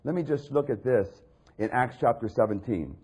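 A man preaching a sermon, reading scripture and mocking other voices, building to loud peaks. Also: medium pitch, animated, moderate pace, slightly rough.

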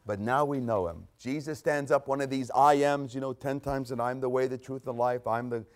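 A man preaching a sermon, reading scripture aloud and explaining it, repeating phrases for emphasis and clearing his throat now and then. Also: mid-range voice, a little fast.

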